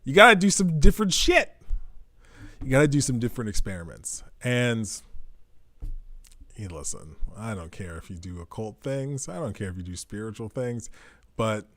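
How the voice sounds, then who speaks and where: A man's voice: on the low side, expressive, measured pace, pauses often, darkish tone, no room sound. A man talking in a rambling, profane monologue with jokey asides, as the host of his own show. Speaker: podcast host. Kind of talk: casual monologue.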